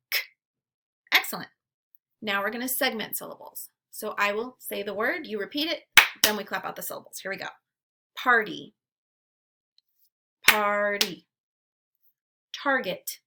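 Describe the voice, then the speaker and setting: A woman teacher leading a phonics drill, saying each word slowly and clearly so it can be repeated back. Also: mid-range voice, noisy background. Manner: slow, clearly enunciated, repeating words. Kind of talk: phonemic awareness drill.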